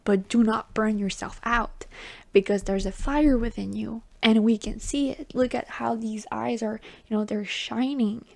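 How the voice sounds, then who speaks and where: A woman giving a tarot reading, talking softly and reassuringly, often dropping into a whisper and calling the listener baby or honey. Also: a little high, fairly even intonation, unhurried, creaky. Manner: chatty and affectionate, calls the listener baby and honey. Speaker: tarot reader. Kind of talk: intuitive tarot reading to viewers.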